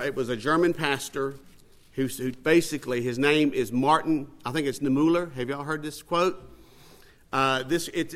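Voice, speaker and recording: A man's voice: on the high side, a bit bright. Folksy man telling a sermon story. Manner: folksy, conversational, acts out dialogue. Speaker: speaker at a religious gathering.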